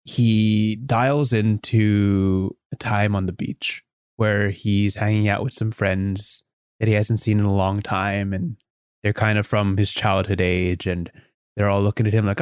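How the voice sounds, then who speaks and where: A man with a fairly low voice tells an improvised story as a podcast host. His delivery is animated and loose, with many restarts and fillers. The recording is dry and close. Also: a little slow, clean tone, no room sound.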